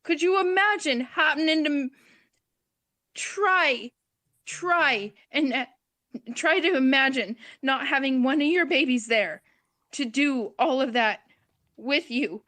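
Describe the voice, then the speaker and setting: A woman's voice: sits high, takes it slowly, pushed and bright, no echo. A woman, a distraught mother, pleading raw and repetitive on a livestream call. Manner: pleading, raw, repeating herself. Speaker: mother of a missing child. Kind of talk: emotional plea on a livestream call.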